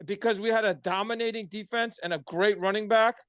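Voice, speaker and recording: A man's voice: sits high, fairly even intonation, a little fast, fairly bright tone, clear, resonant tone, no echo. A man co-hosting a casual sports podcast, talking in a sarcastic, teasing way. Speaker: podcast co-host.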